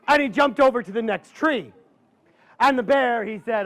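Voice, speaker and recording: A man storyteller telling a folksy tale to a live audience, dramatic and drawing out his pauses. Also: very high-pitched, fairly bright tone.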